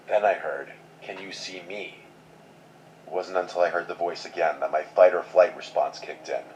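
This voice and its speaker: A man with a very low voice tells a scripted horror story in a measured, somber way. The sound is dull and lo-fi, with a faint hiss underneath. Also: a little mellow.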